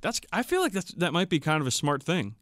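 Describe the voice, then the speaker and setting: A man co-hosting a podcast in casual chat, steering the talk and cutting in with quick jokes. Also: a little high, very animated, fairly bright tone. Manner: joking, quick interjections. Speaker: podcast co-host.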